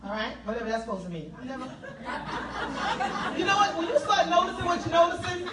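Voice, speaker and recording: Southern woman with a high voice telling her story to a crowd, roomy echo, a bit far from the mic. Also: quick pace, heavy background noise. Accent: South Carolina Southern. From South Carolina. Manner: animated, laughing, call-and-response with the crowd. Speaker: motivational speaker. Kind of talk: testimony speech to an audience.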